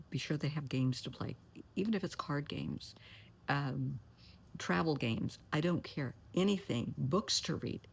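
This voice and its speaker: A woman's voice: sits low, gravelly, husky. A middle-aged woman, a therapist, giving plainspoken advice in a folksy way, calling listeners honey and sweetheart, and sometimes dropping to a near whisper for emphasis. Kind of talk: advice talk to camera.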